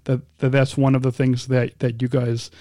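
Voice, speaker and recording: A male podcast host with a mellow, relaxed tone, recorded in a dry, close setting. He talks in a halting, casual way, often restarting and repeating words as he frames his questions. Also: mid-range voice, no echo. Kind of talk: casual interview.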